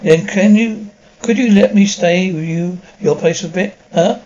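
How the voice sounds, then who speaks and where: A man's voice: high voice, measured pace, warm tone, highs cut off, a little hiss or hum. A man reading a dubbed drama aloud, speaking the sound cues between the lines.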